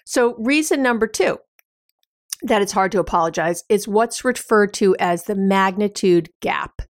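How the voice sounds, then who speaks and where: Speaking a little slowly at medium pitch, this podcast host offers advice in a relaxed, conversational style. She uses everyday examples and lots of fillers, and the studio-quality recording has no room sound.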